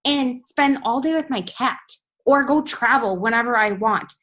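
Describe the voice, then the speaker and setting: A woman in her twenties speaking earnestly in a motivational team talk, soft and encouraging. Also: a little high, normal speed. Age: 20s.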